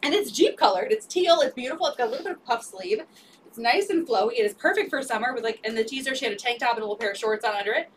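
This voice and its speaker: A woman sells secondhand clothes on a live stream, talking fast and animatedly in a fairly high voice. She's upbeat, repeating sizes, prices and item numbers. Recorded from a distance, with slight background noise.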